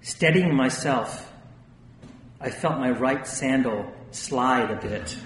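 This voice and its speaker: A man reading a first-person memoir aloud with a wry, lightly animated delivery. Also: medium pitch, takes it slowly, a little hiss or hum. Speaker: audiobook narrator. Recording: distant, echoey room with long reverb.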